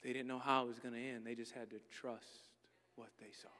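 A man's voice: mid-range voice, flat delivery, fairly quick, sharp tone. A man preaching a comedic sermon, joking and acting out back-and-forth dialogues with God. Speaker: pastor. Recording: reverberant hall.

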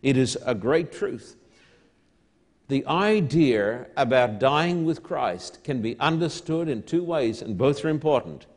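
A man preaching a sermon, slow and emphatic, repeating key words and building to loud proclamations. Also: medium pitch, expressive.

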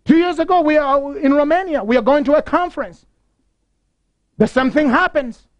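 A man's voice: very high voice, normal speed, dry recording, dull audio. A man preaching a broadcast sermon, telling stories with passion and repeating key phrases. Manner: impassioned storytelling with repeated phrases.

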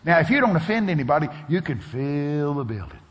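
Animated preacher in a reverberant hall. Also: male voice, fairly high pitch, fairly quick, a crowd in the background. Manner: animated storytelling, shouting the punchlines. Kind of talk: sermon. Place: church sanctuary.

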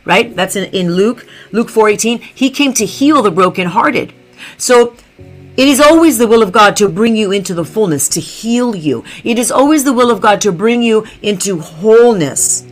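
A woman's voice: medium pitch, animated, normal speed, soft background music. A woman preaching a sermon, repeating key phrases and checking in with her listeners.

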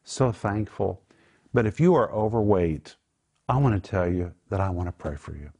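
A man's voice: fairly low pitch, lively intonation, moderate pace, darkish tone. A man teaching from the Bible on a Christian talk show, earnest and emphatic, praying aloud for viewers.

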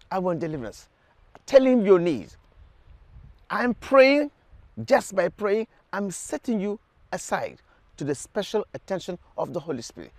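A man's voice: high voice, a little mellow, dry recording. A man leading a televised prayer sermon, urging viewers with fervent repeated calls. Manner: fervent, repetitive exhortations to the viewer. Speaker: preacher.

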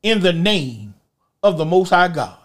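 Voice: mid-range voice, unhurried, pitched below the performer's own voice. Preacher voicing bold young David. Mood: defiant. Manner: steady, confident declarations. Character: young shepherd boy David, bold and certain.

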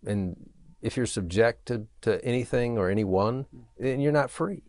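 A man's voice: mid-range voice, unhurried, darkish tone, no echo, studio quality. A man speaking earnestly and emphatically in conversation, often checking in with "right?". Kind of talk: casual conversation.

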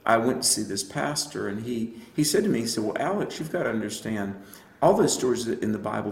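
Gravelly man with earnest testimony. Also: lowish voice, reverberant. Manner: earnest, reflective storytelling with frequent fillers. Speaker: evangelist and apologist guest. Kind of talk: personal testimony in a radio interview.

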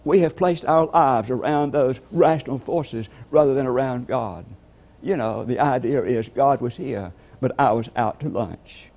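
Gravelly-voiced male preacher, lo-fi. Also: medium pitch. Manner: measured, reflective preaching with scripture quotes. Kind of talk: sermon. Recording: dull lo-fi recording.

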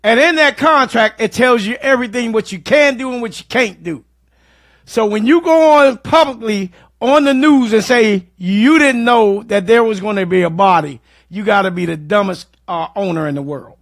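A man's voice: high voice, moderate pace, no room sound, clean studio sound. A man co-hosting a casual livestream, giving blunt opinions. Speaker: livestream show co-host.

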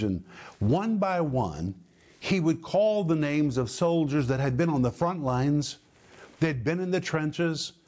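A man hosting a televised Bible teaching, speaking earnestly and emphatically, slowing down to stress key phrases. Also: on the high side, darkish tone. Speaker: Bible teacher and TV ministry host.

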